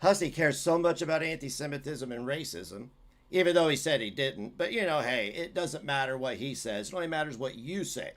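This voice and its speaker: A man's voice: fairly high pitch, lively intonation, brisk, fairly bright tone. A man hosting a livestream, giving heated, sarcastic, profane commentary as he reacts to clips.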